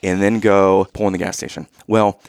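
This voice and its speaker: A man telling a funny family story in casual chat, acting out his own past lines with loud outbursts. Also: sits low, level tone, moderate pace, gravelly, clear, resonant tone, no echo, studio quality.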